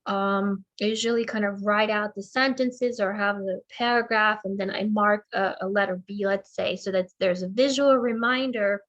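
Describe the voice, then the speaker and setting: A middle-aged woman speech therapist giving a slow, deliberate instructional talk, demonstrating intonation as she explains. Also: mid-range voice, fairly even intonation, a bit bright, dull audio.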